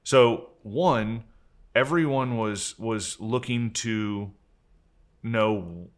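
A man leading a company, candidly telling a long story on a video call in an earnest way, often restarting his sentences. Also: lowish voice. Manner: earnest, frequent restarts, speeds up and slows down. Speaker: company leader and podcast host.

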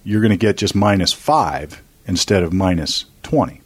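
A man's voice: deep voice, expressive, moderate pace, husky, dry recording. A man in his forties, a lawyer hosting a casual chat, rambling through stories with quoted asides. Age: 40s. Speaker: lawyer and podcast host.

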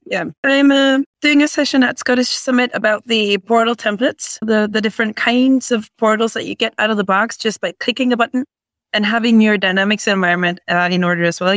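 A woman's voice: medium pitch, fairly bright tone, dry recording. A woman from Norway, a podcast guest chatting and explaining things with enthusiasm. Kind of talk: interview chat.

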